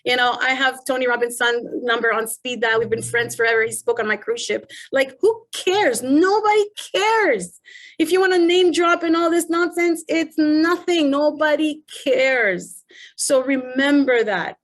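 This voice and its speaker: A woman's voice: high voice, normal speed, hardly any pauses, a bit bright. A middle-aged woman coaching public speakers in an online presentation, telling stories animatedly and asking rhetorical questions.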